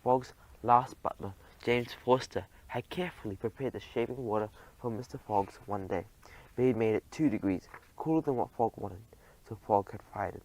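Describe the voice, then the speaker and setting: A man narrating a children's storybook audiobook in a gentle, even storytelling manner. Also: on the low side, normal speed, rough recording.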